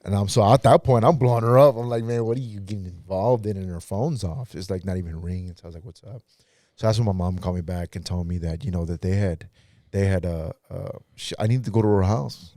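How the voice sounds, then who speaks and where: A man's voice: sits low, fast talker, warm tone, no echo, clean studio sound. A pastor guest in a podcast interview, telling his own story in a casual, earnest way and acting out what others said.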